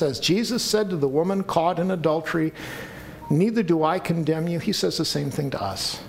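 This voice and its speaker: Man, pastor, sermon, high voice, earnest pleading delivery, faint room ambience. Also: fairly quick, creaky, slight background noise.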